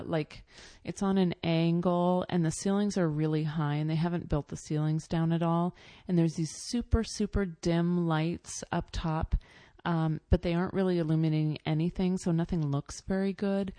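A woman's voice: on the low side, warm tone, no echo. A woman telling a personal story in a casual, rambling way, full of fillers and self-corrections.

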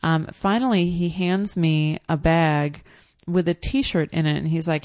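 A woman's voice: lowish voice, steady tone, normal speed, darkish tone, no echo. A woman telling a casual personal anecdote in a chatty way, full of fillers and blunt asides.

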